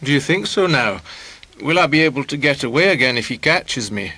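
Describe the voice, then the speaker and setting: A man voicing a brisk, wry middle-aged gentleman with a Lowland Scottish accent. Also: animated, slightly rough, no echo, heavily acted.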